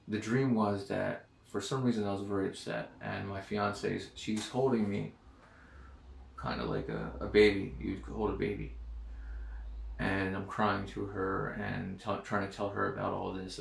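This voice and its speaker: A man with a rough, gravelly, low-pitched voice talks in a loose, hesitant monologue full of pauses and restarts. He sits back from the microphone, and the room around him rings with echo. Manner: halting, hesitant, many ums and restarts. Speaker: dream recounter. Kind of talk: casual spoken monologue. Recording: echoey room, far from the mic.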